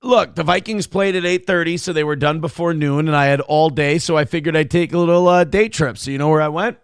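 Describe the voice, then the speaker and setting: A man's voice: a little high, brisk, smooth, dry recording, clean studio sound. A man hosting a casual morning talk show, rambling and self-deprecating as he reads viewer messages aloud. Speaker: show host.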